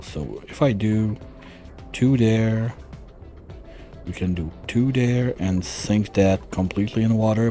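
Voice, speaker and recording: A male gameplay streamer offers casual let's-play commentary, thinking aloud and muttering his calculations while he plans. His voice is fairly low-pitched with a dark tone.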